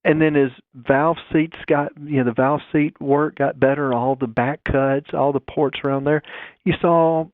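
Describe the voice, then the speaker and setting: A man's voice: fairly high pitch, steady tone, a little slow, dry recording. A man calling in as a guest engineer, explaining technical details step by step in a phone interview. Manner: explanatory, talks through figures step by step. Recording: dry tinny phone line.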